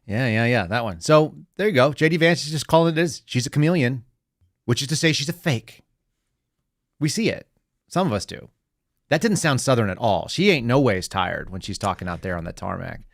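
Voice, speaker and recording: An opinionated middle-aged man hosts a casual podcast, joking as he goes. His voice sits at an ordinary pitch and is recorded close and dry, with no room echo. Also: lively intonation. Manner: opinionated, joking, does quick mocking voices. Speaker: podcast host. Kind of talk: casual political commentary.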